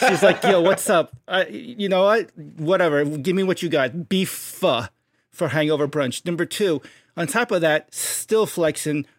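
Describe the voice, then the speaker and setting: Male podcast co-host, gravelly, animated storyteller, dry close mic. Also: fairly high pitch, no room sound. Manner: hypes stories up, acts out bits in jumpy voices.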